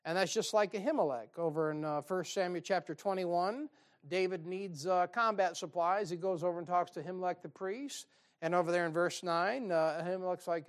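A man preaches from the pulpit. His delivery is folksy and conversational, full of quick asides and homespun jokes between the scripture readings. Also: sits high. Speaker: pastor. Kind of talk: sermon.

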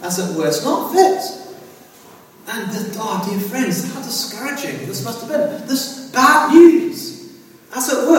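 A man preaching a sermon, slow and halting, often saying "as it were" and "dear friends". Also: very high-pitched, a little hiss or hum. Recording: echoey hall from far off.

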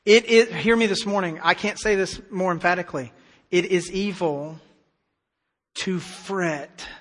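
A man preaching a sermon as pastor, emphatic, swinging between hushed stretches and loud declarations. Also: high voice, a little slow. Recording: long hall reverb.

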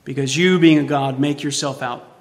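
A man preaching a sermon as pastor, asking the congregation rhetorical questions and moving between loud emphasis and hushed tones. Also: mid-range voice, fairly even intonation, moderate pace, big-room sound.

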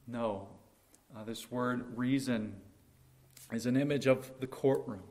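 A man preaching a sermon with emphasis, slowing and dropping to a hush on key words and acting out quotes. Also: medium pitch. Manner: acts out quoted speech with quick, raised lines. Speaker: pastor.

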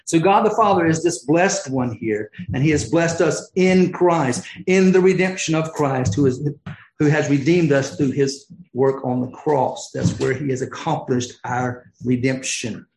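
A man preaching a sermon in a fervent, swinging delivery, bursting into exclamations and then dropping low to almost a whisper. His voice sits a little high, and the room gives it a noticeable echo. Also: a little slow, creaky, a little mellow.

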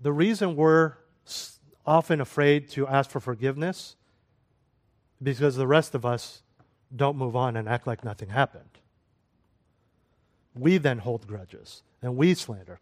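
A middle-aged man preaching a sermon with a mid-pitched voice. He builds to loud, urgent exhortation, then eases into a hushed, gentle tone for prayer. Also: measured pace, pauses often. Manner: impassioned, swinging from loud exhortation to soft prayer. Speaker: pastor.

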